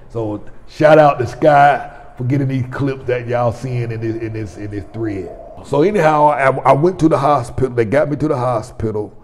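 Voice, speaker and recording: Low-voiced man telling a story in reverb. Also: darkish tone. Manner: rambling, conversational, frequent restarts. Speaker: vlogger host. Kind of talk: casual storytelling to camera. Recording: long reverb.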